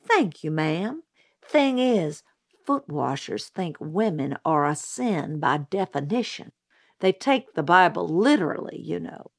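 Wise kindly older neighbor lady, read by a woman, measured and gently firm, dry close voice. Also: on the low side, big pitch swings, vocal fry, no room sound, heavily acted.

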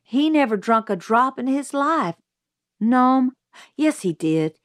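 A woman's voice: sits high, sing-song, takes it slowly, no echo, studio quality, voice pushed up, heavily acted. A woman voicing an outspoken young tomboy girl who asks eager, indignant questions.

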